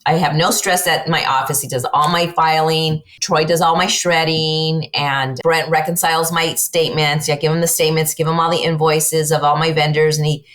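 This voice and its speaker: A woman's voice: low voice, moderate pace, hardly any pauses. A middle-aged woman telling a family story as a podcast guest, chatty and rambling, with many fillers. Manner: chatty, rambling, heavy use of fillers like "you know" and "like"; acts out family conversations with lively quoted voices. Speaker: guest, mother and business owner. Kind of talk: casual storytelling in a podcast interview.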